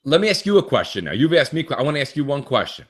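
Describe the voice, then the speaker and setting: Racing along in a mid-range voice with a breathy edge, a man co-hosting a casual gaming podcast rants animatedly. He swears a lot and performs quoted conversations as he tells them.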